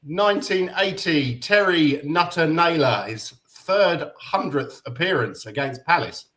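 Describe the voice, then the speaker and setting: Man, stream host, casual chat, upbeat greetings, bright tone. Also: on the high side, animated. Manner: upbeat, greets everyone by name, quick asides.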